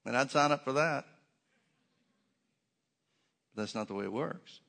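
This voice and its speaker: A man's voice: mid-range voice, measured pace, creaky, pauses often, fairly bright tone. A man preaching a sermon to his congregation in a church, emphatic, with many rhetorical questions and repeated phrases. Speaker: pastor.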